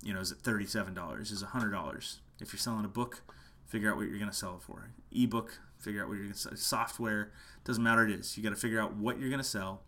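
A musician teaching online marketing talks through a casual lesson recorded at home in the late hours. His lowish voice has a bright, forceful edge and fairly even intonation, and he speaks quickly with few pauses. He's passionate and emphatic, restating each point to drive it home.

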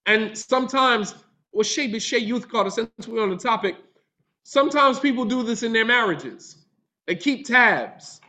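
A man's voice: very high voice, lively intonation, a little slow, sharp tone. A man teaching a religious class, reciting Arabic verses, translating them and asking his listeners rhetorical questions.

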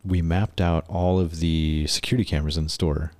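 A man's voice: very deep voice, fairly quick. A man chatting casually on a podcast, telling a work story full of swearing and acted-out quotes. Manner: profane, animated storyteller acting out quotes. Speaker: podcast guest.

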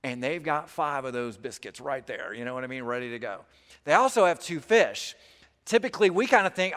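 A man preaches in a relaxed, conversational way, dropping folksy asides into his sermon. His voice sits a little high for a man. A long reverb trails after his words, as in a church sanctuary. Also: fairly quick. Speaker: pastor.

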